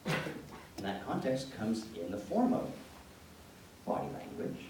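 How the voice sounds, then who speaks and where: A Canadian man lecturing parents in a big echoey room, picked up from across the space with a faint hiss behind him. His mellow voice rises and falls a lot as he tells stories and acts out the people in them. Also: on the low side, takes it slowly, distant mic. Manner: lively storyteller, acts out dialogue in changed voices. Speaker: psychologist giving a talk to parents. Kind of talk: informal lecture with acted-out anecdotes. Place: meeting room, large and echoey. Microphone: room mic from a distance.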